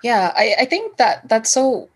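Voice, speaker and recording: A woman's voice: fairly high pitch, big pitch swings, a little slow, husky. A woman hosting a podcast, chatting casually and laughing along. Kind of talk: casual chat.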